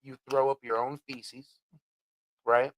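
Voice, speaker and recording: A man co-hosting a casual podcast, talking loudly with lots of laughter and swearing. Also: medium pitch, slow, dry recording. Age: adult parent. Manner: loud, laughing, swearing, animated. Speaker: podcast co-host. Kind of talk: casual chat.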